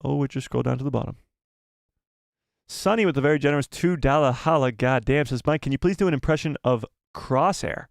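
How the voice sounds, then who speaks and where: A man's voice: mid-range voice, a little fast, creaky, dry recording. A man hosting a casual live stream, reading viewer messages in a jokey, self-deprecating, rambling way into a close microphone. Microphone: close desk microphone.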